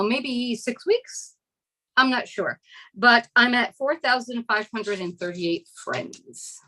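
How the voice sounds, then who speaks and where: Woman guest, bright voice, halting, repeats herself. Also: a little high, rough recording. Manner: halting, repeats phrases, searches for words. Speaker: community member, guest. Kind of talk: casual live Q&A.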